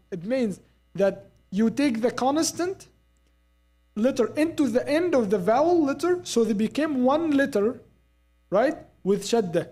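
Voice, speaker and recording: A Quran recitation teacher giving a live class at a mosque, repeating example sounds slowly and checking in with students. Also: medium pitch, dark tone.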